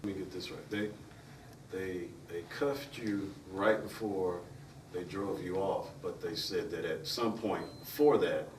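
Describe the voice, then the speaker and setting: Male interviewer, very low voice, measured and probing; echoey room, distant mic. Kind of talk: interview questions. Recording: roomy, distant mic, faint noise.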